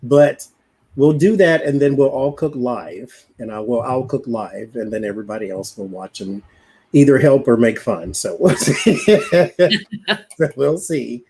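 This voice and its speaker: Gravelly, husky Southern man chatting. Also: mid-range voice, animated, unhurried, mellow, low-quality recording. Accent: Southern US country. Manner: laughs often, rambling and self-interrupting. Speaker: co-host. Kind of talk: casual livestream chat.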